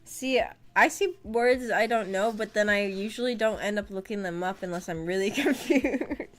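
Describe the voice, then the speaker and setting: A woman's voice: mid-range voice, normal speed. A woman streaming a casual book discussion, chatty and often giggling as she reads chat aloud.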